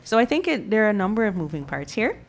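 A woman's voice: medium pitch, very animated, fast talker, soft background music. A woman hosting a radio call-in show, musing thoughtfully with many fillers. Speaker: radio talk show host.

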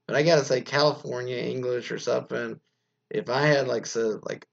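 A man's voice: medium pitch, fairly even intonation, normal speed, vocal fry. A man hosting a radio show, rambling casually, often interrupting himself and swearing freely as he comments on what he reads. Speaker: show host. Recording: dull lo-fi recording.

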